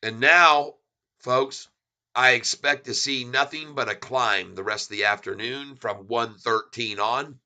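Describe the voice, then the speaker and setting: In a mid-range voice at a slightly slow pace, a middle-aged man delivers enthusiastic, homespun remarks on a stock chart. He repeats lines for emphasis and keeps calling viewers folks.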